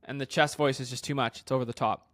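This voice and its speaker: A man's voice: medium pitch, steady tone, fast, fairly bright tone, no room sound, studio quality. A man working as a vocal coach, explaining singing technique in a casual way, with loose fillers and restarts. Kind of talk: singing lesson with sung demonstrations.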